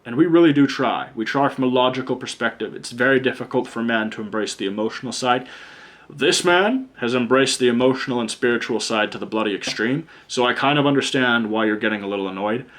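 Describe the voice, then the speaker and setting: A man's voice: mid-range voice, fast talker, a bit bright. A man giving a casual pick-a-card tarot reading, blunt and chatty, swearing freely and drifting into rants. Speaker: tarot reader and teacher.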